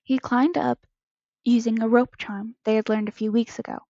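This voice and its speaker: A woman with a fairly high voice reads fan fiction aloud, stumbling over words and correcting herself as she goes. The recording is close and dry, from a home microphone with a slightly muffled, lo-fi tone. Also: fairly even intonation, normal speed, warm tone, no room sound. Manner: unpolished reading with stumbles and self-corrections. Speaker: podfic reader.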